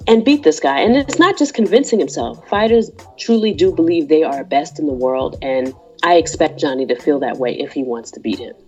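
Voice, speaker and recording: A woman co-hosting a casual chat, lively and animated, talking through her opinions with lots of asides. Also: fairly low pitch, slightly rough. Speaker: podcast co-host. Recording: dull lo-fi sound with faint music.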